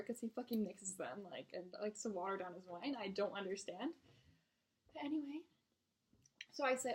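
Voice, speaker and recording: A young woman who works as a server vents about her customers in a casual storytime. Her voice sits at a mid pitch, and she talks bluntly, exasperated, with plenty of swearing. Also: lively intonation, normal speed, long pauses. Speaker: restaurant server vlogger.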